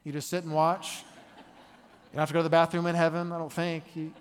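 Guy preaching in church, kinda high voice, chatty storytelling, lots of echo. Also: brisk, clear, resonant tone. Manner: conversational, animated storytelling. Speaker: pastor. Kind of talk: sermon.

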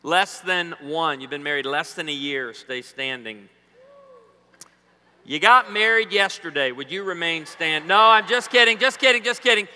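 In a long hall reverb, a man in his forties preaches a humorous sermon, joking with the congregation, telling stories and bantering playfully with the crowd. His voice is fairly high, bright and forceful, at a normal speed.

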